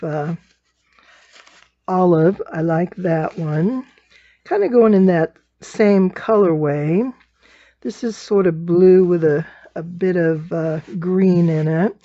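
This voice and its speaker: A woman's voice: on the low side, darkish tone, dry recording, dull audio. A woman teaching quilting in a casual tutorial, chatting and thinking aloud as she sorts fabric.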